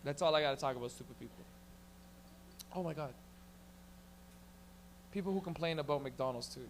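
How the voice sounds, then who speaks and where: A man's voice on the high side comes through with a little hiss or hum. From Canada, he runs an open mic comedy night on a small lounge stage, delivering rambling, profanity-laced stories rapidly into a handheld mic.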